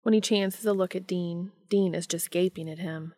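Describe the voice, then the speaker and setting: Woman narrator for an emotional story, low-ish voice, slow and soft. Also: fairly even intonation, no echo, clean studio sound. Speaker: story reader.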